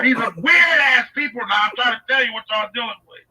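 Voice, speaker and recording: A man's voice: very high voice, fast talker, hardly any pauses, bright, forceful tone, far from the mic, rough recording. A man giving emphatic, scornful reaction commentary, lecturing the viewer.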